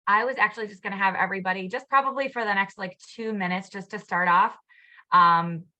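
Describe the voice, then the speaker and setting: Chatty bright-voiced woman on a call. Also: mid-range voice, brisk, highs cut off. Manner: chatty, many ums and you-knows. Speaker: co-host of a team call. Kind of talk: casual team video call.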